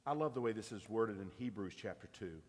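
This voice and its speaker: Husky-voiced pastor preaching in a reverberant hall. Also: male voice, on the low side, animated, fairly quick, darkish tone. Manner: earnest, conversational, asks the congregation questions. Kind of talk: sermon. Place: church sanctuary.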